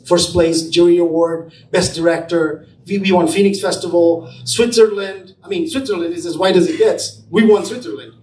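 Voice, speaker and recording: A high-voiced man recounting a story with animated quotes, as a film producer speaking at an event. His voice comes from a distance in a roomy, echoing space, with faint ambience underneath. He shifts his tone as he voices each person in the tale. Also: slight background noise. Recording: echoey room, voice from afar.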